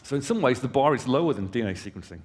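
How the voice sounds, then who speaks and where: Talking very fast, a man with a mid-range, expressive voice and darkish tone presents for his company at a conference. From the hall stage he explains things conversationally with casual asides to the crowd, and a long hall reverb follows him.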